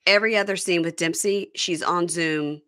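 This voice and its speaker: A woman's voice: lowish voice, moderate pace, a bit bright. A woman hosting a podcast in a casual, sarcastic chat, sometimes reading an ad. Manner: chatty, sarcastic, mimics people. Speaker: podcast host.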